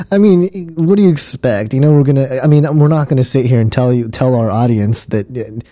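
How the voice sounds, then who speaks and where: Easygoing male co-host, deeply mellow timbre, joking and halting, dry booth sound. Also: no room sound. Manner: laid-back, joking, hesitant restarts. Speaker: podcast co-host. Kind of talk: casual conspiracy-theory chat.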